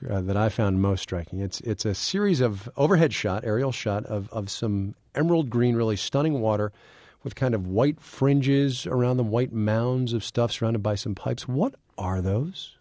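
A man's voice: mid-range voice, lively intonation, moderate pace, a little mellow, no echo, studio quality. A man hosting a radio show, reading polished intros and asking curious questions with small restarts. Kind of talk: radio interview and scripted intros. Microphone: studio microphone.

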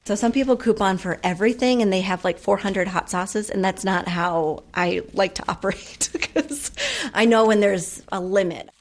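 A woman's voice: mid-range voice, normal speed. A woman who clips coupons, talking in a chatty, amused way. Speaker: coupon clipper interviewee. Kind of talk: casual chat.

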